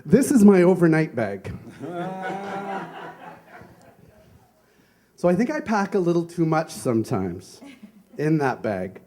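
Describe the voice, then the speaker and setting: A man's voice: on the high side, sing-song, takes it slowly, long pauses, dark tone, a little hiss or hum. A man giving a conversational sermon as a minister, telling personal stories and asking rhetorical questions. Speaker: minister giving a Sunday talk.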